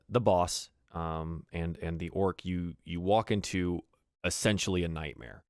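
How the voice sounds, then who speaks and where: A man narrating a tabletop game as dungeon master, describing scenes with many pauses and fillers. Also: low voice, no room sound, clean studio sound.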